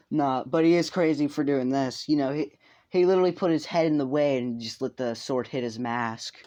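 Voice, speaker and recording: A man's voice: medium pitch, darkish tone. Rambling young man telling a fan story. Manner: rambling, swears, laughs, many fillers. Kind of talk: casual improvised storytelling.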